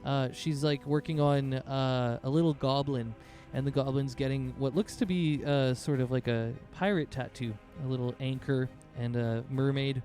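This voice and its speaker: A man's voice: medium pitch, steady tone, normal speed, hardly any pauses, dark tone, soft background music. A man narrating a tabletop game as game master in a loose, rambling way with many fillers.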